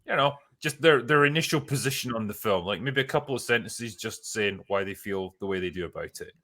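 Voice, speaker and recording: A man's voice: lowish voice, expressive, brisk, sharp tone. A man in casual chat, moderating a podcast panel in an easygoing way and setting the order of speakers. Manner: easygoing, organizing the talk.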